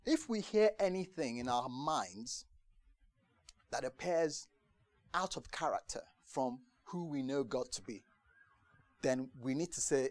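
A man preaching a conversational sermon to a congregation, lively and chatty, acting out the voices he quotes and often asking if they understand. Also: mid-range voice, takes it slowly, long pauses, no echo. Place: church gathering in the UK.

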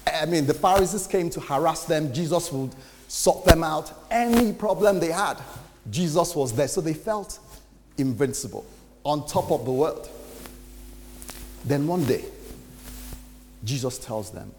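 A man's voice: on the high side, expressive, unhurried, long pauses, darkish tone. A man, a pastor, preaching a sermon in a conversational way and acting out quotes. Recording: reverberant hall with faint noise.

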